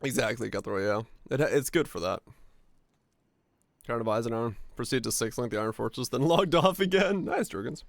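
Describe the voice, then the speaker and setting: A man's voice: medium pitch, expressive, a little fast, no room sound. A man streaming live, rambling casually to his viewers with lots of filler words. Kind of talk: casual livestream chat with viewers.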